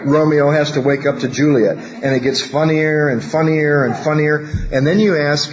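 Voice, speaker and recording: A man's voice: fairly even intonation, normal speed, few pauses. A man from California speaking at a recovery workshop, telling stories and acting out quoted voices. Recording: dull low-fidelity recording, faint hiss.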